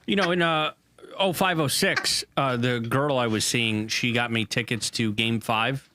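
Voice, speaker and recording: A man's voice: mid-range voice, unhurried, pushed and bright. A man co-hosting a casual sports podcast, telling stories in a rambling way with lots of fillers. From Southern United States. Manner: rambling storyteller with frequent fillers. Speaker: podcast co-host.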